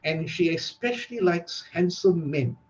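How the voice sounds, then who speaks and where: Calm, reassuring hotel head housekeeper woman, as a man puts her on, high voice, dull lo-fi sound. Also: a little slow, slight background noise. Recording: dull lo-fi recording.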